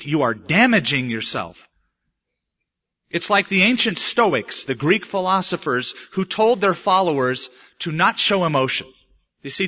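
A male preacher with a bright, ringing tone and a voice sitting a touch high. He moves between quiet, drawn-out words and sudden emphatic rises. The recording sounds dull and lo-fi. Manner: dramatic swings between soft and emphatic delivery. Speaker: pastor. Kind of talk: sermon. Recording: muffled lo-fi recording.

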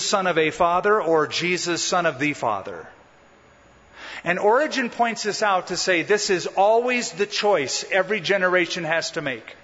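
A man's voice: sits high, sharp tone. A man preaching a sermon as pastor, emphatic and dramatic, stretching out key words. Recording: muffled sound in a reverberant hall.

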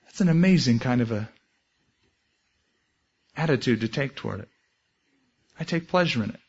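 On a dull, lo-fi sermon recording, a pastor with a medium-pitched, slightly rough voice preaches in an animated, earnest way at moderate speed. He shares a personal story and quotes scripture and prayers.

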